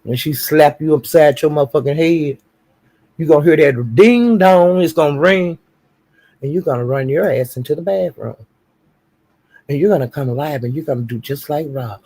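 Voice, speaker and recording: A man on a live stream who fires off profane taunts and stretches out his insults. His voice is gravelly and husky, and it sits a bit high for a man. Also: mellow. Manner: profane, taunting insults, slow drawn-out jabs. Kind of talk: heated live-stream rant.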